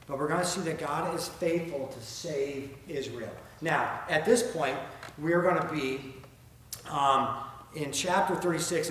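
A man's voice: a little high, a bit bright. A man with a Southern accent preaching a sermon, asking rhetorical questions and reading scripture aloud in an earnest way. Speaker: pastor. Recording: very echoey room, faint ambient noise.

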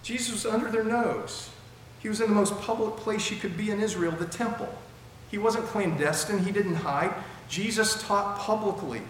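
A man's voice: high-pitched, normal speed, a bit bright. A male pastor preaching a sermon verse by verse, chatty and fond of rhetorical questions, in a large church hall. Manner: conversational, asks rhetorical questions. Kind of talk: expository sermon. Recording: very echoey hall, faint noise.

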